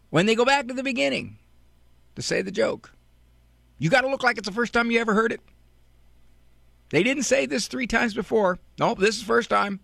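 A man doing stand-up comedy, telling an animated story and acting out scenes. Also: high voice, creaky, no room sound.

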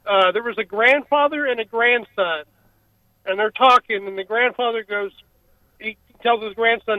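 A high-voiced man from Oklahoma calls in to a radio show and tells a joke in a brisk, eager way. His voice comes over a tinny, phone-like line. The sound is dry. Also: no room sound. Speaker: caller.

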